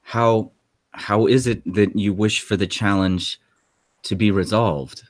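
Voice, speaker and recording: A man's voice: on the low side, fairly even intonation, slow pace. A man voicing a woman interpreter in a tabletop game, speaking in stiff, careful, formal phrases. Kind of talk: tabletop role-play voicing.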